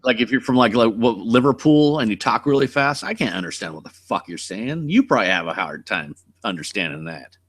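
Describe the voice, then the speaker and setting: A man's voice: fairly low pitch, lively intonation, fairly quick, hardly any pauses, fairly bright tone, no room sound. A man with a West Coast American accent chatting casually on a live stream as the channel host, blunt, rambling and cursing freely.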